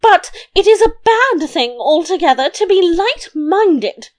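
Woman doing a shrill, weepy queen. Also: sing-song, takes it slowly, heavily acted. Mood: tearful, retorting. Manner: high, sobbing and sharp retorts. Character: weepy, shrill middle-aged queen, quick-tempered.

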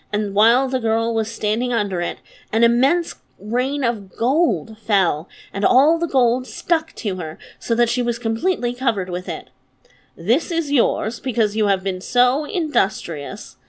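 Woman reading a fairy tale aloud. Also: mid-range voice. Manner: measured, expressive read-aloud pacing. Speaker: reader and host. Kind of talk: storybook narration.

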